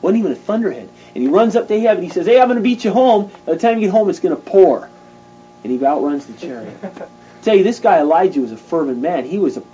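A man's voice: on the high side, dark tone, slightly rough, lo-fi sound. A man preaching an informal sermon in a fervent, conversational way, acting out stories.

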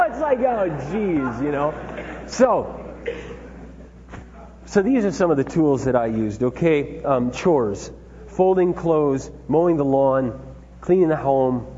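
A man's voice: fairly high pitch, mellow. Earnest father telling stories, echoey hall. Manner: earnest, emphatic, folksy storytelling. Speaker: father giving parenting talk. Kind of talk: personal storytelling talk. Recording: dull lo-fi sound with hall reverb and faint hum.

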